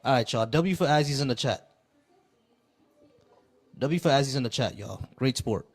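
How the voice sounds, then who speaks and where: A man's voice: mid-range voice, expressive, normal speed. A man hosting a live call-in debate stream, chatting casually with many fillers and restarts.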